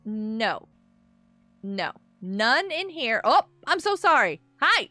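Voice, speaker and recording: A woman's voice: on the high side, big pitch swings, slow, pushed and bright, no echo, faint music behind. A woman in her thirties chatting with viewers while she plays on a live gaming stream, bubbly and giggly.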